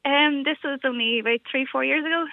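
A woman's voice: high-pitched, fairly quick, a little hiss or hum. A young Irish woman calling in to a radio show, chatting casually with frequent laughs and yeahs. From Ireland. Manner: casual, giggly, says yeah a lot. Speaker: radio caller. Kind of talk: phone-in radio chat. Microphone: telephone. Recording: muffled phone line.

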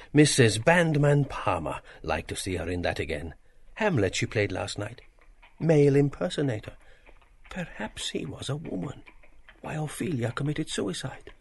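A man's voice: fairly low pitch, creaky, slight background noise, exaggerated voice. An actor playing a polite, reflective middle-aged man who muses aloud with hesitations.

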